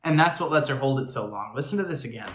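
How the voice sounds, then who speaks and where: A man's voice: mid-range voice, lively intonation, fast talker, background noise. A man hosting a reaction video, giving enthusiastic, analytical commentary on singing technique. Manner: analytical, breaks down and imitates singing. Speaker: reaction video host, actor and filmmaker. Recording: echoey room.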